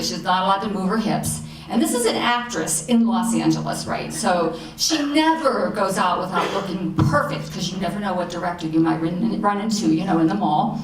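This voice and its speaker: A middle-aged woman telling a personal story at a live show, animated and self-mocking, acting out the people in it. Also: mid-range voice, a little hiss or hum. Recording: roomy hall sound, distant mic, faint ambience.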